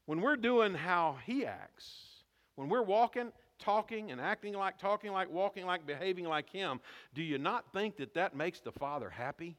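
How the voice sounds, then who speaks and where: A man's voice: high voice, expressive, normal speed, fairly bright tone, long reverb tail. A man preaching a sermon as pastor, asking the congregation questions and calling for responses.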